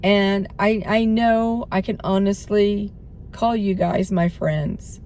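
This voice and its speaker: A hoarse middle-aged woman vlogging in a rambling, self-doubting way, laughing between thoughts and often trailing off. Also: medium pitch, fairly even intonation, takes it slowly, a little mellow, slight background noise. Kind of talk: rambling spiritual vlog chat.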